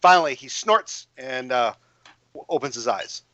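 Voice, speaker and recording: A man narrating a tabletop game as game master, halting and full of fillers and restarts. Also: medium pitch, expressive, a bit bright, dry recording, lo-fi sound.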